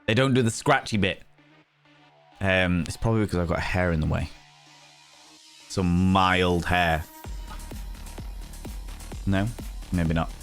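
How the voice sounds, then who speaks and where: A man's voice: low-pitched, slow, long pauses, soft background music. A man chatting casually on a live stream in a flamboyant, theatrical, camp manner, reading out and thanking his chat.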